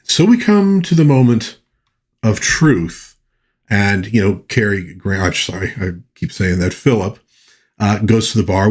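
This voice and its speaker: Husky-voiced man casually reviewing a film. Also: fairly low pitch, animated, moderate pace. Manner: retells scenes, briefly mimicking characters' lines; loose, chatty, many fillers and restarts.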